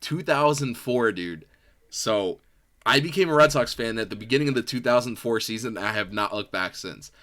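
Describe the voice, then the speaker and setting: A man with a slight New York accent, co-hosting a casual podcast in a mid-pitched voice. He talks quickly, jokes around and laughs often. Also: expressive, a bit bright. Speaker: podcast co-host.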